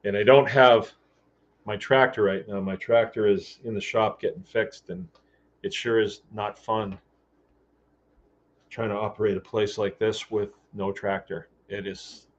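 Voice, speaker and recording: A man's voice: fairly low pitch, steady tone, measured pace. A man hosting a casual talk show, speaking in a blunt, joking and rambling way. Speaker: host. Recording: dull lo-fi recording.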